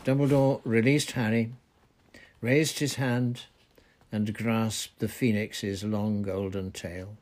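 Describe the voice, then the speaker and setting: A man reading a novel aloud in steady, deliberate narration. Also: fairly low pitch. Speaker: reader. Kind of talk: audiobook narration.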